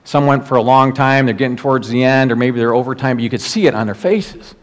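A middle-aged male pastor preaching a sermon in an earnest, exhorting way, slowing down and dropping his voice when quoting prayers and scripture. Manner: earnest preaching, drops low and slow for quoted prayers and scripture.

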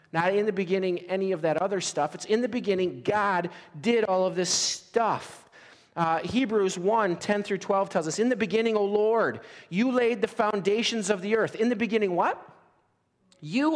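A man's voice: high voice, long reverb tail. A man preaching a conversational sermon, often asking the congregation questions. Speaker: pastor.

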